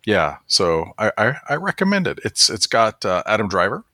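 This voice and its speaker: A man's voice: on the low side, sing-song, moderate pace, bright, forceful tone, dry recording, clean studio sound. A man hosting a casual podcast chat about movies, rambling with many fillers and restarts. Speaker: podcast host.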